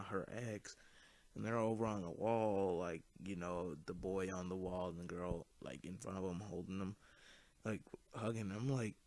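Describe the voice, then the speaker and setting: Deep-voiced teen boy rambling a story. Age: teens. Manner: rambling, swears often, many fillers. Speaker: YouTube commentator. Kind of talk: casual storytelling over gameplay.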